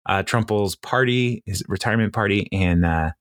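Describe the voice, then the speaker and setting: A man's voice: lowish voice, moderate pace, a bit bright, dry recording, studio quality. A man hosting a podcast, casually recapping a TV episode in a rambling way, stopping often to act out lines and laugh. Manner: rambling, lots of fillers and laughs, acts out quotes. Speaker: podcast host.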